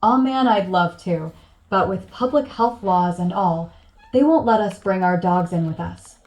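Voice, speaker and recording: A man's voice: sits high, a little slow, darkish tone, highs cut off. A woman voicing a skeptical, gullible man who follows his friend into a bar. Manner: skeptical, then bewildered. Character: doubtful, gullible man with a chihuahua.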